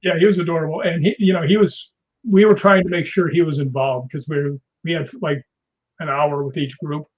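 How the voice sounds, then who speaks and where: A man's voice: a little high, steady tone, fairly quick, darkish tone. A man in a casual interview, telling rambling stories with many restarts. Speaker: guest, stuntman. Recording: dull lo-fi sound.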